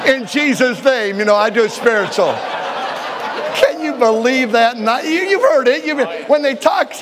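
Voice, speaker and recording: An older man preaching a folksy sermon, repeating words and swinging from shouts to quiet talk. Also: very high voice, very animated, slow, long pauses, crowd noise, noisy background. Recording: long hall reverb.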